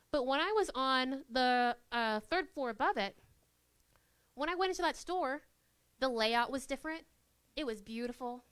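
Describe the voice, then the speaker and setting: High-voiced woman leading a lively workshop. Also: moderate pace, clear, resonant tone, no echo. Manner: animated, acts out little scenes in quoted voices. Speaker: workshop presenter. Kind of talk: live workshop talk. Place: university classroom.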